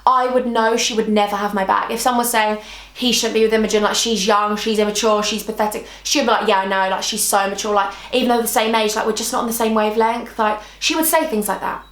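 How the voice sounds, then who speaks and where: A woman's voice: mid-range voice, steady tone, quick pace. A British woman in her twenties telling a storytime vlog, emotional and chatty, full of "like" and repeated phrases. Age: 20s. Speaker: vlogger. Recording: echoey room.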